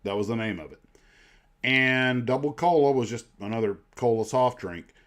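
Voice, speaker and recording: A man's voice: mid-range voice, normal speed, fairly bright tone. A middle-aged man from the United States hosting a livestream, telling rambling nostalgic stories full of asides. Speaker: livestream host. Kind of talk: casual chat.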